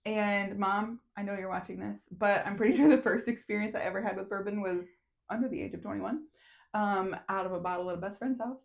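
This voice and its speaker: A woman's voice: medium pitch, fairly even intonation, fairly quick, gravelly, dull audio. A young adult woman from Kentucky with a light Kentucky accent, co-hosting a casual podcast chat and laughing often. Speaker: podcast co-host.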